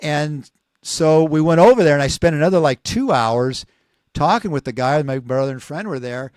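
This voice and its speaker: A man in his sixties, a podcast co-host telling a long story casually, rambling and animated, acting out what people said. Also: on the high side, normal speed, no echo, clean studio sound. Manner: rambling, animated, acts out quoted voices.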